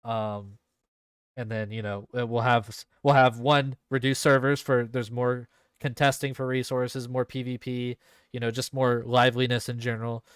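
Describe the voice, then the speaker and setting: Male podcast host, casual gaming talk, smooth clear voice, dry close sound, rambling and loose. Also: mid-range voice, level tone, moderate pace, dry recording. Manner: rambling, heavy use of fillers and swearing.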